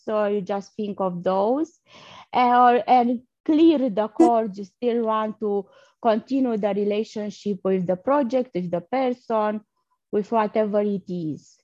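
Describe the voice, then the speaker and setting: A woman leading a guided energy healing session, speaking softly and haltingly with breathy blowing sounds between phrases. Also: on the high side, dry recording. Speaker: energy healer guest. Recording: dull lo-fi sound.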